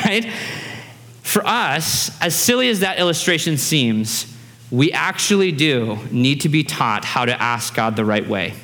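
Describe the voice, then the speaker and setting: Male pastor, 30s, bright and fairly high voice, animated conversational sermon in a reverberant hall. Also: normal speed.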